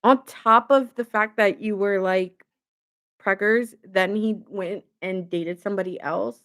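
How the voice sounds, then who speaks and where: A woman's voice: mid-range voice, fairly even intonation, a little slow, fairly bright tone. A young adult woman giving a casual tarot reading to camera, talking emphatically with lots of filler words and open indignation. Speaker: tarot reader.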